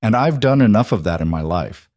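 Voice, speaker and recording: Storybook recluse: wronged loner, blunt and weary, read by the narrator. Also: male voice, fairly low pitch, animated, fairly quick, a little mellow, no room sound, clean studio sound, lightly acted.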